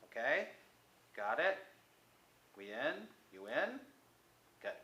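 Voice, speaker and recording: A man giving a motivational self-help talk to the viewer, coaxing and repetitive, sometimes dropping to a soft near-whisper. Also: medium pitch, very animated, slow, echoey room, low-quality recording.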